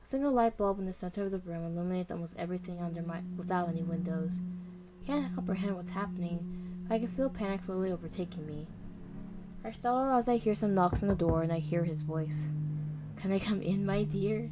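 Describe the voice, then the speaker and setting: A woman's voice: on the low side, fast talker, over loud music. Woman narrating a tense first-person story. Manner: dramatic, tense, fearful delivery. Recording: noisy background hiss.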